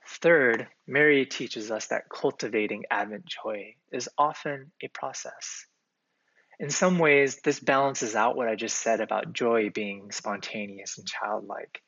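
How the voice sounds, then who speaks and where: A man's voice: mid-range voice, steady tone, unhurried, gravelly, fairly bright tone, breathy edge. A male pastor delivering a sermon in an earnest, conversational way, with occasional fillers. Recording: slightly muffled, dry recording.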